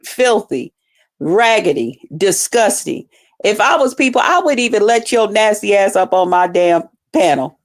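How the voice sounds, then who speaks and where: A woman's voice: medium pitch, animated, measured pace. A woman hosting a livestream, ranting heatedly and profanely while talking straight to her viewers. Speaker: livestream host. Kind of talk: casual livestream rant.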